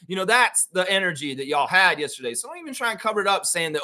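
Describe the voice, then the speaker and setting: Host type: Southern US man, bright forceful tone, heated profane rant, slightly high voice. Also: fast talker, hardly any pauses. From American South. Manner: heated, profane, animated ranting. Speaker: show host. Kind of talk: casual live-stream commentary.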